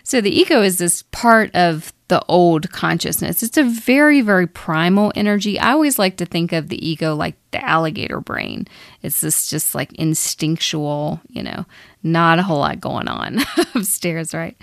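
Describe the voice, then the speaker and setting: A woman's voice: fairly low pitch, no room sound, studio quality. Laughing woman co-hosting a spiritual podcast. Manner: laughs often, drawn-out emphatic phrasing. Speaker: podcast co-host, psychic medium. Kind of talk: casual spiritual podcast talk.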